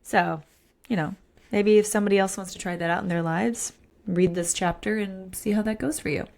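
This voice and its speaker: Speaking briskly with vocal fry at a medium pitch, a woman co-hosts a podcast about a romance novel. She's frank and animated in the casual discussion, dramatizing quotes from the story.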